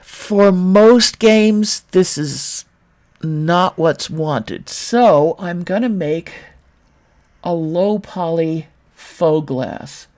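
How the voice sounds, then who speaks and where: A woman's voice: lowish voice, extremely slow, darkish tone. A woman from Brooklyn giving a casual screen-share tutorial on 3D modeling, thinking aloud with wry, self-mocking asides. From Brooklyn, New York.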